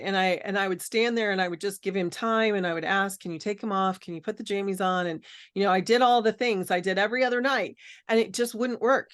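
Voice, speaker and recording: A middle-aged woman speaks as a podcast guest in a voice of ordinary, middle pitch. She tells her story in an earnest, reflective way, full of small fillers and restarts. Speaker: podcast guest, caregiving coach. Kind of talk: personal storytelling in conversation.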